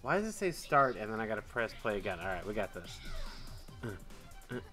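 A man giving casual gameplay commentary, excitable and swearing, jumping between loud yelps and muttered grumbles. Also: fairly low pitch, quick pace, soft background music. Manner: swears and trash-talks the game. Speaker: gaming channel host.

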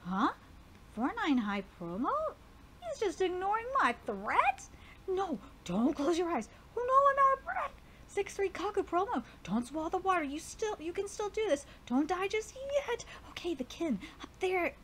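A woman's voice: very high-pitched, very animated, normal speed, slight background noise, pitched above the performer's own voice. A woman voicing a tense young male shogi player in urgent, breathless inner monologue. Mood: desperate.

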